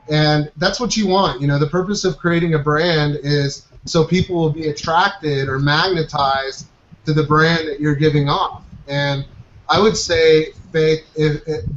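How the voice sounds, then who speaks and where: A man hosting a casual group call, talking in an upbeat, encouraging way with many fillers. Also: a little high. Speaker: host of a marketing coaching group call. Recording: dull, roomy call audio with faint noise.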